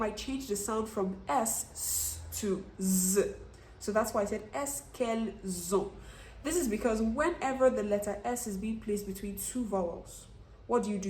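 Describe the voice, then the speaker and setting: A woman's voice: a little high, echoey room. A woman teaching French online, who puts questions to her learners and then answers them herself. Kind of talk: online language lesson.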